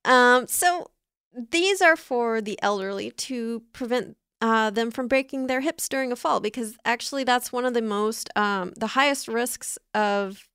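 A woman's voice: fairly high pitch, measured pace, a bit bright, clean tone, no echo, clean studio sound. A young woman co-hosting a casual comedy podcast, rambling and giggly. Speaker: podcast co-host.

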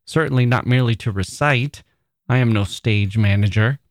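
A man reading the lines of a self-satisfied gentleman author, brisk and condescending. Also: mid-range voice, no echo, studio quality, close to an everyday voice.

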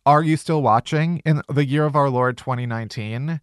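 A woman's voice: a bass voice, moderate pace, no echo, clean studio sound. A woman hosting a comedy podcast, ranting sarcastically and swearing for comic effect. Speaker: podcast host. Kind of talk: casual comedic chat.

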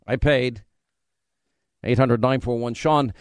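A man's voice: medium pitch, steady tone, slow, smooth, no echo, studio quality. A man hosting a talk radio show, delivering an opinionated, sarcastic monologue. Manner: combative, sarcastic.

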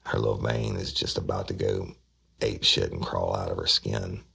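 A man's voice: extremely low pitch, level tone, normal speed, vocal fry, pushed and bright, husky. A middle-aged man telling a police case in a blunt, profane, conversational way. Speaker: host, former investigator telling a case. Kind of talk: storytelling podcast monologue.

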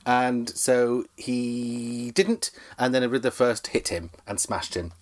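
A man's voice: mid-range voice, a little fast, hardly any pauses. A man co-hosting a comic history podcast, telling stories in a playful, jokey way. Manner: jokey, playful storytelling with silly voices. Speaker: podcast co-host.

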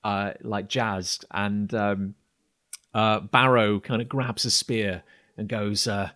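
A man narrating a tabletop game as game master, in a casual, halting way with many fillers. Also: on the low side, flat delivery, pushed and bright.

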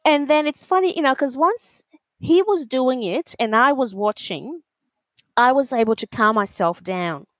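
A woman telling a story in a casual interview, animated and full of fillers, acting out other people's voices. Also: high voice, measured pace, no room sound. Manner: animated, acts out voices in quotes, many fillers. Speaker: alpaca breeder, guest.

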